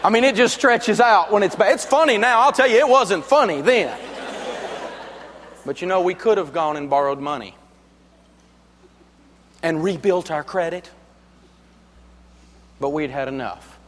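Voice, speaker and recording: A man's voice: sits high, lively intonation, unhurried, pauses often, in a large hall, background noise. A man giving a live seminar talk, telling jokey stories in a folksy, emphatic way. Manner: joking storyteller, folksy and emphatic. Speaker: money speaker and radio host.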